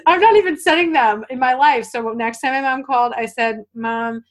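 A woman hosting a podcast interview, talking in a chatty, animated way with quick asides. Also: high-pitched. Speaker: podcast host. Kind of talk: casual interview chat.

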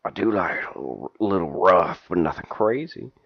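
A man's voice: deep voice, lively intonation, normal speed, gravelly, slightly rough. A man co-hosting a podcast in casual comedic chat, reading things aloud with dry, wry asides, recorded with dull lo-fi sound. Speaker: podcast co-host.

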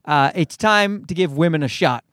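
A man's voice: fairly high pitch, normal speed, a bit bright, no echo, studio quality. A man in his thirties hosting a podcast, delivering a rambling comedic monologue full of swearing and asides. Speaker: podcast host.

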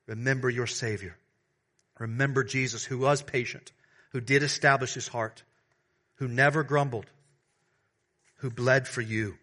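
A male pastor preaching a sermon, alternating between fervent, raised declarations and soft, hushed appeals to his congregation. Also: medium pitch. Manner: swings from loud preaching to hushed tenderness; addresses the congregation as beloved.

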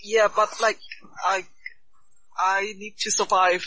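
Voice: medium pitch, little pitch movement, slow pace, pushed and bright, rough recording. A player in a tabletop game chatting casually, hesitant and full of ums. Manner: hesitant, lots of ums, giggly.

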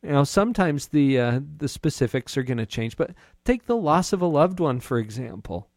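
A man's voice: mid-range voice, sing-song, normal speed, darkish tone, dry recording, clean studio sound. A man hosting an interview show, talking thoughtfully and speaking straight to his listeners. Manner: thoughtful, addresses listeners directly. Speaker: podcast host, doctor. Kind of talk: casual interview talk.

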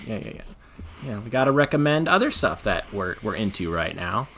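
A young man hosting a movie podcast in casual, animated chat, laughing often. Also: fairly low pitch, a little fast, a little hiss or hum. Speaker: podcast host.

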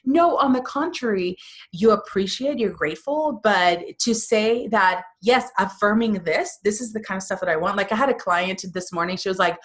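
Woman, podcast guest and coach, energetic, acts out quotes. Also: medium pitch, normal speed. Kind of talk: podcast interview.

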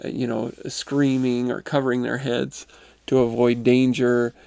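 Male host and reader, calm and measured, with a gravelly, dark tone and a dry close-mic sound. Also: medium pitch, dry recording. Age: adult parent. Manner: calm, measured reading; chuckling, conversational commentary. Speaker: narrator and podcast host. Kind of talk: reading a first-person account aloud, then commenting.

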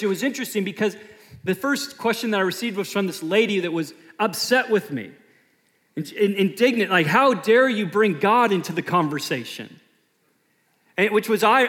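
A man in his thirties preaching a sermon as a pastor, emphatic and animated, often repeating himself. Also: high voice. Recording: long hall reverb.

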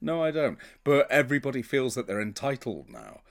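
A man's voice: mid-range voice, wildly swooping pitch, fairly quick, vocal fry. Emphatic, opinionated man chatting. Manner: emphatic and opinionated, with frequent restarts. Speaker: podcast co-host. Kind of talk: casual chat.

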